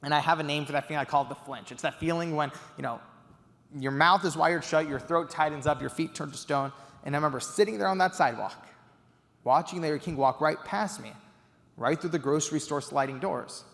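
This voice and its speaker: A young man giving a keynote speech, telling an animated story with excited quoted outbursts. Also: fairly high pitch, a little fast, creaky. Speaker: keynote speaker. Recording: reverberant hall.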